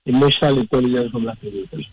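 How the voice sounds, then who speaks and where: A man phoning in to a sports radio show, animated and indignant, rambling and repeating himself. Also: mid-range voice, fast talker, crowd noise, poor audio. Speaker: caller. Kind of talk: call-in radio football opinion.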